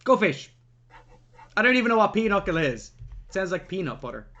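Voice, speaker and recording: A man's voice: high-pitched, very animated, a little fast, sharp tone, dull audio. A man co-hosting a podcast, reviewing a film in rambling, chatty talk with jokey asides. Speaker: podcast co-host. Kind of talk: casual film-review chat.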